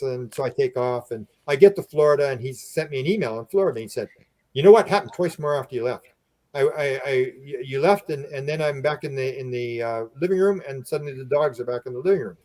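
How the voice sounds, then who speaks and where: Animated man telling a story. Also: mid-range voice. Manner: animated, acts out quoted speech with raised voice; halting, frequent restarts and repeated words. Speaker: podcast guest, UFO researcher. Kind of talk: casual storytelling.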